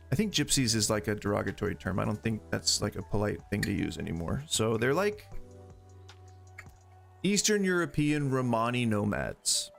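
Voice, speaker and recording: Here the Southern US gaming streamer speaks at a medium pitch with noticeable vocal fry and a light twang. Talking casually into his desk mic on a live stream, he drifts into wry tangents.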